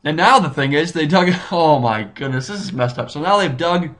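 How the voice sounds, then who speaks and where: A man talking casually as he recaps and reviews a TV episode, excitable and rambling, thinking aloud with frequent restarts and exclamations. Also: a little high, normal speed. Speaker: YouTube TV reviewer.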